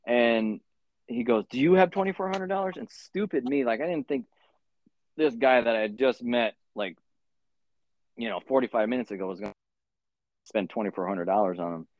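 A man's voice: mid-range voice, normal speed, long pauses, no room sound. A man telling a long story in casual podcast chat, rambling and profane with many fillers. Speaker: podcast host. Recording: dull lo-fi sound.

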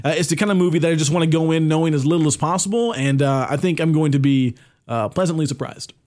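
A man's voice: on the high side, fast talker, a little mellow. A man co-hosting a podcast, rambling casually with lots of fillers and swearing freely. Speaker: podcast co-host. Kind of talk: casual chat.

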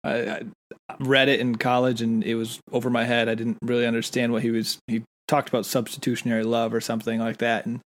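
This is an American man co-hosting a conversational podcast. His voice is mid-pitched, and he talks in an earnest, thoughtful way, often stopping to restart his sentences. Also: flat delivery, fairly quick. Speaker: podcast co-host. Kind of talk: casual podcast chat.

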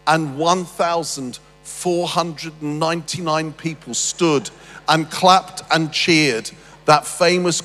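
A man's voice: fairly high pitch, fairly bright tone, big-room sound. A man telling a humorous personal story on stage, rambling and self-deprecating with stammered restarts. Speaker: speaker.

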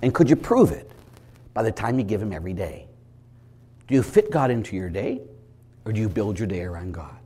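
A Catholic priest giving a lively preaching talk, an animated storyteller with sudden loud bursts and chuckles. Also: male voice, on the low side, fairly quick, long pauses, breathy edge.

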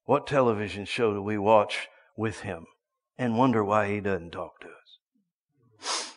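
A man preaching a sermon, telling a story and swinging from hushed asides to loud bursts. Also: fairly low pitch, measured pace, in a large hall.

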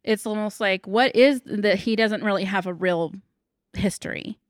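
A woman's voice: medium pitch, moderate pace, smooth, no echo, clean studio sound. Frank, swearing woman podcast host. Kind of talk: casual chat.

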